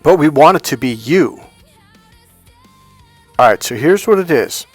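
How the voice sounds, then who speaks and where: A man's voice: a little high, animated, unhurried, slightly rough, no room sound. A man giving a dating coach's storytelling monologue, blunt, profane and emphatic, with faint music behind him.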